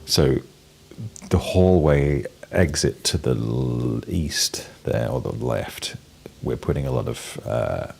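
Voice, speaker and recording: This British streamer has a cold, so his casual game commentary is broken up by coughs and sneezes, along with plenty of ums and restarts. He sounds rumbling low and darkish, with vocal fry and a breathy edge, staying animated yet slow and keeping his humor wry and playful.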